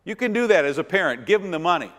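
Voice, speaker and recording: A middle-aged pastor leads a church finance seminar in a hall whose long echo fills the recording. His voice sits high with a fairly bright tone, and he talks rapid-fire and very animated, emphatically repeating words and throwing rhetorical questions at his audience.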